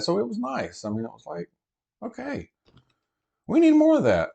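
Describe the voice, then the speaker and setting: A man's voice: high voice, huge pitch swings, normal speed, vocal fry, long pauses, dark tone, husky. Chatty man rambling. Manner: chatty, meandering, frequent fillers and restarts. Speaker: prepper vlogger host. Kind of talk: casual rambling vlog talk. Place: inside a truck.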